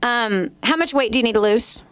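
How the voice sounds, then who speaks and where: High-voiced blunt woman host. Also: brisk, a bit bright, smooth, no echo. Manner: blunt, teasing, storytelling with acted quotes. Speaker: show host giving advice. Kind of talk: call-in advice show.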